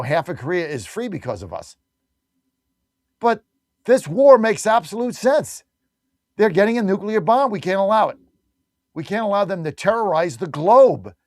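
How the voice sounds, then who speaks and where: A man's voice: high voice, dry recording, clean studio sound. A man hosting a talk radio show, delivering an emphatic, combative opinion monologue full of rhetorical questions.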